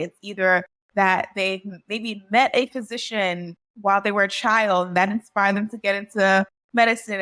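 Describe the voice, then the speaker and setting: A woman in her thirties, a physician guest, talking through a personal story in an animated, conversational way with frequent "like" and "right?". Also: mid-range voice. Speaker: physician and real estate investor guest. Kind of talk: casual podcast storytelling.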